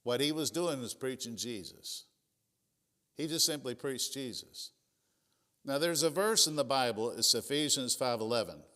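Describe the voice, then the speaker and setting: Preacher in an echoing sanctuary. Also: male voice, mid-range voice, lively intonation, normal speed, bright, forceful tone. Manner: conversational preaching, plain folksy retelling of scripture. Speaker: pastor. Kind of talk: sermon. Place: church sanctuary. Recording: long church reverb.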